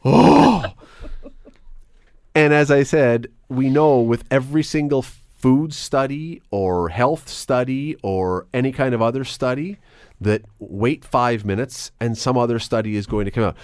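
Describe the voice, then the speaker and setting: A man hosting a talk radio show, chatty and animated, with quick asides. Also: medium pitch, dry recording, clean studio sound. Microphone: studio microphone.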